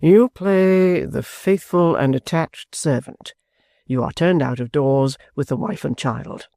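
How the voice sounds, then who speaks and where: A man voicing an earnest young dramatist who speaks in a measured way. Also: a little high, creaky, dark tone, no echo, clean studio sound.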